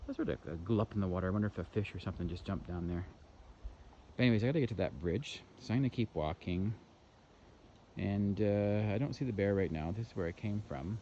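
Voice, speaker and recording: Deep voiced canadian guy rambling on a lake trail hike, muffled handheld cam, lots of outdoor noise. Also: quick pace. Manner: rambling, chatty, narrates what he sees while walking. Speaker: hiking vlogger. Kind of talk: casual walking commentary. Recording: dull lo-fi outdoor recording with loud background noise.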